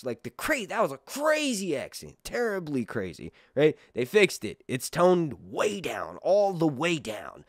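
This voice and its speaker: A man reviewing a show in loose, off-the-cuff commentary, his pitch swinging widely as he gets excited. He rambles with plenty of fillers and restarts. The sound is dry and close, with little room echo. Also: measured pace, hardly any pauses. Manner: rambling, many fillers and restarts, animated bursts.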